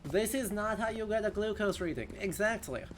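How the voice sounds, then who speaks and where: A man's voice: sits high, a little fast, a little hiss or hum. A man streaming a video game, joking and sarcastic, sometimes slipping into a mock announcer voice. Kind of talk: casual let's-play commentary.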